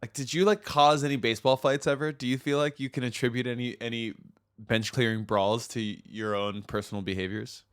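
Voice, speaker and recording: A man's voice: mid-range voice, steady tone, fairly quick, smooth. A man from the United States co-hosting a podcast, bantering loosely with lots of swearing and laughter. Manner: loose, profane, laughing a lot. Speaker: podcast co-host. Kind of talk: casual banter.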